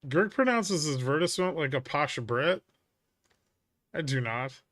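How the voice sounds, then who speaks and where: A man's voice: on the high side, lively intonation, unhurried, a bit bright, dry recording. A man hosting a casual live trading stream, answering chat with dry, wry banter. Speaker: livestream trading host.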